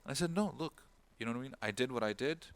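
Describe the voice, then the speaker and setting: Very fast and clear, with a resonant mid-range voice, a man gives an informal religious talk as an imam. His lecture-style storytelling has him acting out the characters with a raised voice and dropping Arabic phrases and words into his speech.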